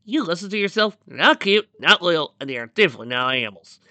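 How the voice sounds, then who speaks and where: Brash farm pony, loud and folksy, voiced by a fic reader, lively delivery. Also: medium pitch, a little fast, no echo, pitched above the performer's own voice. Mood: scolding. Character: blunt country female farm pony. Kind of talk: fan fiction read-aloud.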